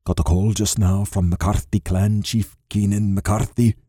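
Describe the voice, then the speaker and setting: Man voicing a gruff old Scottish clan father. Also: on the low side, little pitch movement, a little slow, mellow, dry recording, studio quality. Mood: gruff, commanding. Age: older. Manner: gruff, blunt, swearing.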